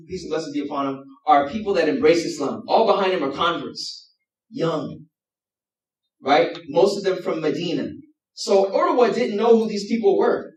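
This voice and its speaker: A man preaching a sermon, telling a story with lively acted-out quotes and sudden shifts between loud and hushed. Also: high voice. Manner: animated storytelling, acts out quotes with sudden swings in loudness. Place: mosque hall. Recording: roomy hall, mic at a distance.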